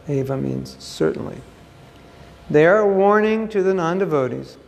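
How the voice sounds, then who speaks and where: A man's voice: a little high, moderate pace, creaky, a little mellow, long reverb tail, slight background noise. A man giving a scripture class, reading a passage aloud and then explaining it with emphatic asides, recorded on a phone.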